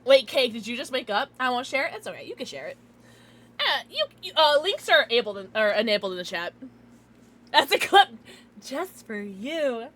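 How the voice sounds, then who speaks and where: A woman's voice: fairly high pitch, sing-song, brisk, a bit bright. A young woman streaming from home, chatting casually with viewers in a giggly, tipsy, chatty way. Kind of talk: casual livestream chat with viewers.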